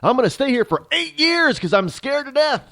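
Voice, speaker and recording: A man's voice: very high-pitched, very animated, normal speed, fairly bright tone, pitched above the performer's own voice, heavily acted. A man voicing a whiny, frightened young male college student who complains in a self-pitying way.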